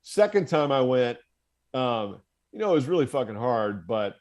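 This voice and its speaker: A former U.S. Marine officer, appearing as a podcast guest, tells his story candidly and profanely while laughing at himself. His medium-pitched, darkish voice swings widely in pitch at a moderate pace, in a casual conversational style.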